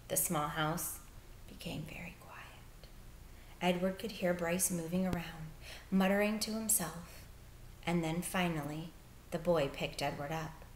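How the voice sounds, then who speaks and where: A woman's voice: fairly low pitch, reverberant, a little hiss or hum. Woman reading a storybook aloud. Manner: expressive storytelling, soft and hushed in sad parts. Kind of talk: children's book read-aloud.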